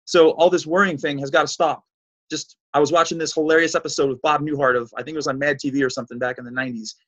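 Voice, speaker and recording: A man's voice: on the high side, steady tone, fast, dull audio. A man hosting a fitness show, giving an emphatic, preachy solo monologue full of repeated points.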